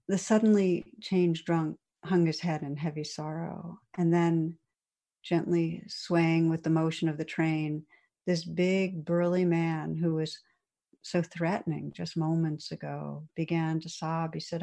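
A woman meditation teacher telling a story in a dharma talk, gentle and unhurried, with soft pauses. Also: low-pitched, flat delivery.

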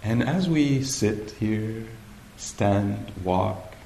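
A man giving a dharma talk at a meditation retreat, slow and hesitant, often pausing to search for the right words. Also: on the low side, gravelly, dark tone, a little hiss or hum. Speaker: meditation teacher. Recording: echoey room, faint ambience.

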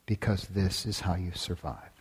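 A man giving a dharma talk as a meditation teacher. He speaks deliberately, sometimes drops to a whisper, and asks the listeners many rhetorical questions. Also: low-pitched, darkish tone, slightly rough. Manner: deliberate, with long pauses, sometimes dropping to a whisper.

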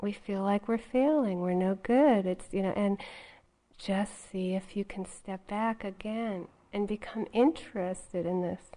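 Mellow-voiced woman giving a meditation talk. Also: medium pitch, measured pace, poor audio. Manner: conversational, frequent "you know" asides. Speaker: meditation teacher. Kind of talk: dharma talk.

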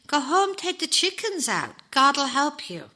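A woman voicing a calm, wise rabbi who gives gentle advice in a story she reads aloud. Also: fairly high pitch, normal speed, heavily acted. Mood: serene. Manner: serene, gentle counsel.

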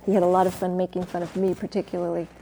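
A middle-aged meditation teacher with a lowish, monotone voice tells a personal story in a gentle, reflective dharma talk, stopping now and then to clear her throat.

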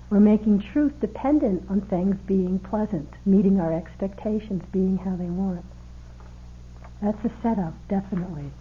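A woman meditation teacher gives a dharma talk at a retreat, her voice at a middle pitch. She speaks in a relaxed, conversational way, telling stories and leaning on key words. The recording is narrow and tinny, like a phone line. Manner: conversational storytelling with gentle emphasis. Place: meditation hall.

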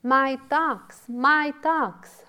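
A woman's voice: lowish voice, slow. A woman voicing a dull-witted man in a teaching story, calling out after his ducks in alarm. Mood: frantic. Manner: calling out urgently. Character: simple-minded man, eager, then frantic over ducks.

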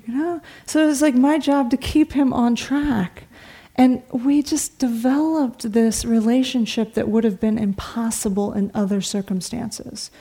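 Speaking at a measured pace, this middle-aged woman's voice is a little high, fairly even in intonation, with a breathy edge. She's a meditation teacher telling stories conversationally in a dharma talk, now and then whispering softly, recorded in a meditation hall before a seated audience.

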